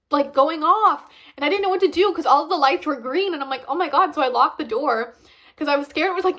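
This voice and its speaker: A woman's voice: sits high, fairly bright tone. A young woman vlogging casually, rambling chattily with lots of fillers while reviewing food.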